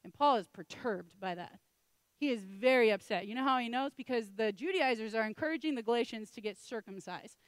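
A woman preaching a sermon with energy, voicing the people she quotes as she goes. Her voice sits a little high, and the sound is dry and close, with almost no room around it. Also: a little fast, clean tone, dry recording. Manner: animated, acts out quoted voices.

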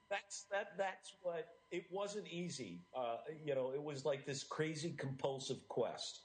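A man's voice: a little high, takes it slowly, rough recording. A middle-aged man, an interview guest, telling a personal story in an earnest, emotional way with frequent laughs.

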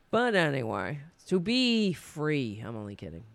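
A person streaming political commentary from home into a desk mic, ranting in an animated, sarcastic way with many restarts. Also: medium pitch, a little slow, creaky, dry recording. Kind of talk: ranting casual commentary to camera. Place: home in New York. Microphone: desk mic with webcam.

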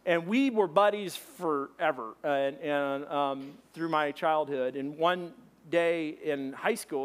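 A man preaching a sermon, telling a funny story and acting out shouted voices. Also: fairly high pitch, slow pace. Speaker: pastor.

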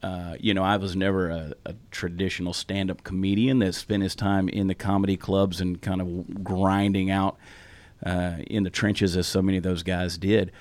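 Folksy Southern-accented man, fairly deep. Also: level tone, normal speed, a little mellow. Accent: Southern US, Texas. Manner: storytelling, folksy. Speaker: podcast host. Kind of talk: casual podcast conversation.

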